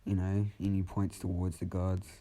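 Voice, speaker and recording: A man improvising a fan story out loud in a casual, rambling way, with many restarts and some swearing. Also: low voice, completely flat delivery, normal speed.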